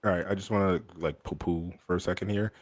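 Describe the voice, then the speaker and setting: Podcast co-host, male, deep voice, loose rambling delivery full of fillers. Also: fairly even intonation, fast talker. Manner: rambling, lots of likes and ums. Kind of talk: casual sports podcast chat.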